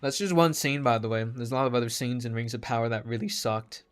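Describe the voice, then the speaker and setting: A man's voice: mid-range voice, steady tone, quick pace, clear, resonant tone, faint music behind. A man ranting casually to his stream chat, sarcastic, swearing freely, laughing often.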